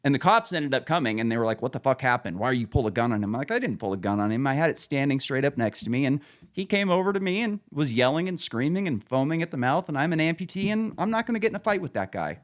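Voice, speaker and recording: A man's voice: medium pitch, animated, fast. A man hosting a podcast, telling rambling, profane stories in casual chat and laughing at his own punchlines. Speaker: podcast host.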